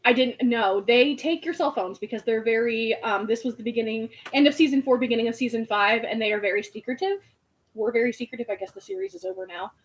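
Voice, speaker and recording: A young woman in her twenties, chatting casually and telling an animated story with lots of fillers. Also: fairly high pitch, fast talker, poor audio. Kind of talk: casual chat.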